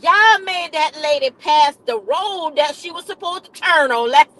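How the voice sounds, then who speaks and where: A woman's voice: sits high, animated, measured pace, fairly bright tone, rough recording. A woman live streamer, a nurse, telling a comic story to her chat in a dramatic, repetitive way, calling listeners baby and honey.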